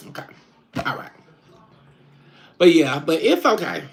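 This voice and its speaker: A man's voice: a little high, big pitch swings, measured pace, creaky, slight background noise, full character voice. A man playing a sassy middle-aged country woman, chatting in country slang on a live stream. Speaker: livestream host. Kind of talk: casual live-stream chat.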